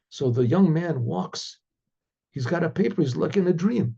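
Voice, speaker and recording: A rabbi telling a religious story in a rambling way, with many restarts and throat-clearing, on a dull lo-fi recording. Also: male voice, fairly high pitch, expressive, normal speed, warm tone.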